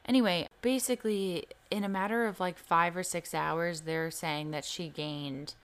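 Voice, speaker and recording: A woman's voice: lowish voice, fairly even intonation, moderate pace. A young woman telling a personal story in casual podcast chat, candid and swearing freely, full of "like" fillers. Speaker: podcast co-host.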